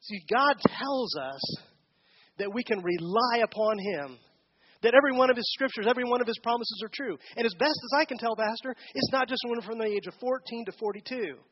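A man's voice: extremely high pitch, brisk, highs cut off. A man giving a conversational sermon as a pastor, asking the congregation questions during a church service.

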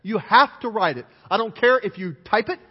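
A man's voice: sits high, moderate pace, husky. Pastor, male, emphatic sermon delivery in a reverberant sanctuary, muffled lo-fi sound. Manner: animated, emphatic preaching with repeated lists. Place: church sanctuary. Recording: dull, hall-reverberant church recording.

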